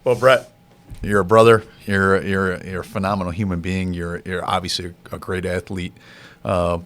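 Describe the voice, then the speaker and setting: A man's voice: low voice, flat delivery, normal speed. A man hosting a podcast, giving heartfelt praise to his guest in a casual interview. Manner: warm praise, short reactions. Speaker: podcast host.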